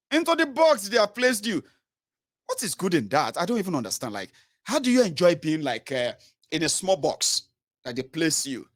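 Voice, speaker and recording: A man's voice: high voice, no echo, studio quality. A Nigerian-accented man ranting through political commentary for his vlog, mixing pidgin into his English. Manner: animated, mixes pidgin into English.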